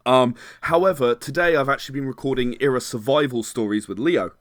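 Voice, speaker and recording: A man's voice: mid-range voice, brisk, dry recording. Guest spot: male game designer, loose rambling talk, dry booth-like sound. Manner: rambling, hedges with many "sort of"s and restarts. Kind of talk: casual podcast chat.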